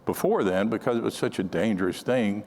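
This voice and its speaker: An older man with a lowish voice gives a conference talk, spinning anecdotes in a loose, conversational way. His sentences often restart midway. The sound carries the long reverb of a large hall. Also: brisk, a little mellow. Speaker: conference speaker on counterintelligence. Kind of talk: storytelling talk to an audience.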